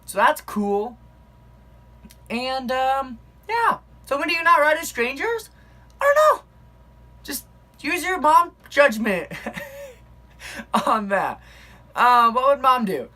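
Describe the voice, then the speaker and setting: A woman's voice: high-pitched, big pitch swings, slow pace, long pauses, sharp tone. A young woman telling a personal story in a chatty, rambling way, full of fillers and little laughs. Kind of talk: casual spoken storytelling.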